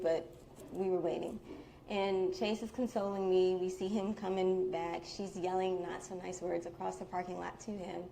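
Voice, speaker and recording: A woman's voice: mid-range voice, creaky, slight background noise. A young woman with a Midwestern American accent telling a personal story live to an audience in a bubble tea shop, chatty and candid. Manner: candid, chatty, with soft laughs.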